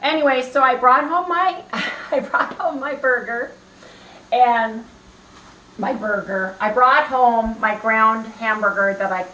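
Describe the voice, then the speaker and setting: A woman's voice: fairly high pitch, a bit bright, echoey room, rough recording. A woman chatting casually in a rambling way while cooking at home for her vlog. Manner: chatty, rambling, laughs often. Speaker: vlogger. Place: home kitchen.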